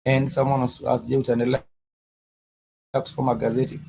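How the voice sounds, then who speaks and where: A man teaching a live-streamed Swahili grammar lesson, explaining slowly and repeating himself with many fillers and restarts. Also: mid-range voice, flat delivery, creaky, warm tone, slightly rough, rough recording.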